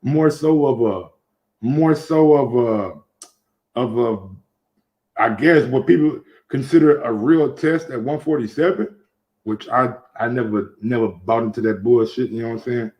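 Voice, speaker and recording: A man's voice: medium pitch, unhurried, lo-fi sound. A man hosting a casual boxing talk show, talking loosely with many restarts and profanity. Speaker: show host.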